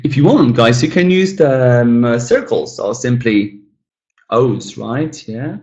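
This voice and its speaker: A man teaching an online English lesson, modelling words slowly and clearly, encouraging and playful with his students. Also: mid-range voice, animated, a little mellow, reverberant, dull audio.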